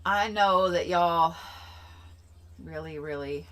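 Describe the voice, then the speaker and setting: A woman hosting a casual livestream, rambling and repeating herself with sudden excitable bursts. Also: on the low side, slow pace. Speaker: livestream host.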